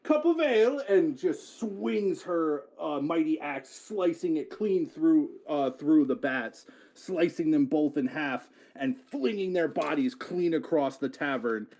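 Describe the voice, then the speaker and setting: A man's voice: a little high, slow, hardly any pauses, darkish tone. A man narrating a tabletop game as game master, casual, often swearing and correcting himself mid-sentence.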